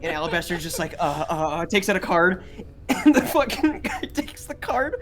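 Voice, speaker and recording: A man's voice: high-pitched, very animated, moderate pace, over music. Man narrating a tabletop game. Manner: rambling, laughing narration with restarts. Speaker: dungeon master.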